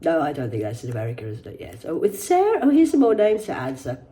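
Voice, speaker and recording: A woman's voice: deep voice, wildly swooping pitch, fast talker, mellow. Sweary, rambling woman reading celebrity gossip. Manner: rambling, sweary, digressive, mock-indignant. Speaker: host reading celebrity news. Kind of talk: casual news commentary.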